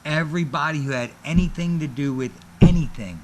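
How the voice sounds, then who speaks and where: A man's voice: a little high, brisk, a little hiss or hum. A middle-aged man, a former wrestler, telling stories in a casual interview and acting out the other people's lines as he goes. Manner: animated storyteller who acts out other people's lines.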